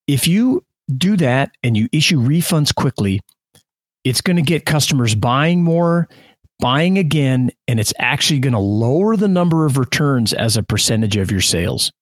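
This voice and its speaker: A man's voice: medium pitch, lively intonation, moderate pace, no echo. A man co-hosting a casual business podcast, explaining ideas with examples and restarting his sentences often. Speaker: podcast co-host.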